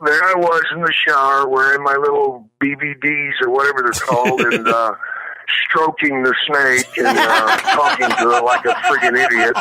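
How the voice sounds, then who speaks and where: An older man, telling stories in a casual interview, acting out quotes with big jumps in pitch and laughing through them. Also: steady tone, moderate pace, a loud crowd, rough recording. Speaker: guest, retired wrestler.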